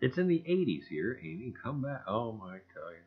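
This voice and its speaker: A man's voice: fairly low pitch, big pitch swings, a little fast, slightly rough, phone-quality sound. A man hosting a casual livestream chat, reading viewer comments in a folksy way and chuckling often. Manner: folksy, chuckling, repeats "I tell you".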